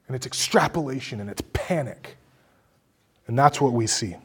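Guy pastor giving a sermon, quiet one sec then loud and punchy, mid pitch. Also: expressive, moderate pace, pauses often, husky. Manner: swings from quiet to loud, emphatic bursts.

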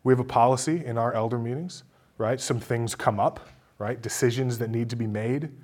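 A man's voice: mid-range voice, steady tone, moderate pace. Emphatic male pastor preaching. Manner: swings from quiet to loud, emphatic bursts. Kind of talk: sermon.

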